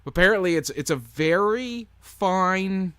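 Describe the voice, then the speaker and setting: A man's voice: high voice, expressive, a little slow, a bit bright, clear, resonant tone, no echo. A man with a Canadian accent co-hosting a casual podcast, playful and jokey as he tells stories. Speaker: podcast co-host. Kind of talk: casual chat.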